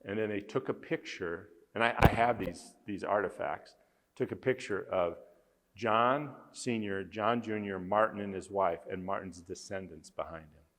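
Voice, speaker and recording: A man's voice: lowish voice, normal speed, a bit bright, in a large hall. A man speaking as a conference speaker, earnestly telling a story with emphasis. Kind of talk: storytelling talk.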